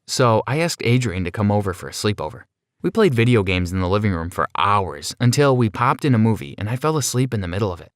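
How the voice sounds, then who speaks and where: A man with a low voice tells a first-person story in a plain, conversational way. The recording is close and dry, with no room sound.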